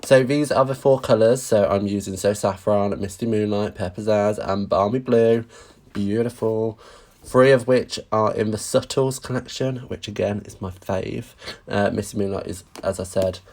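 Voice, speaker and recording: A man's voice: on the low side, normal speed, a little mellow. A man chatting casually through a live-stream stamping craft demonstration, greeting viewers and making self-deprecating asides.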